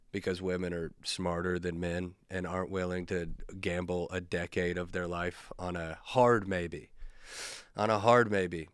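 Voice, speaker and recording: A man's voice: on the low side, clear, resonant tone, dry recording, clean studio sound. A male comedian hosting his own podcast, telling stories alone in a laid-back, rambling, profane, self-mocking way. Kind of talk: casual solo podcast storytelling.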